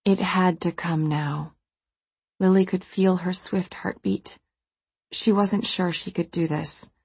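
A woman narrating a novel in a calm, measured way. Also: on the low side, husky, no echo. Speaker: audiobook narrator. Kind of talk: scripted narration.

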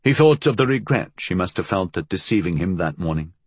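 Husky low-voiced male audiobook narrator. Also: lively intonation, fairly quick, dry recording.

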